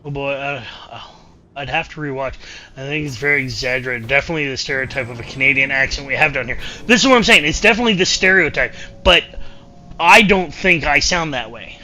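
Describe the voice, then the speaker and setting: A man's voice: mid-range voice, expressive, quick pace, sharp tone, a little hiss or hum. A man streaming a game and chatting casually, rambling and repeating himself as he talks. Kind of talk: casual gameplay chat.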